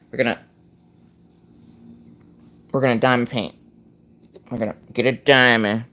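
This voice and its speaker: A woman's voice: deep voice, a bit bright. A Southern woman in her late thirties chatting casually on a craft live stream, telling stories with swearing and a slight slur. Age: 30s.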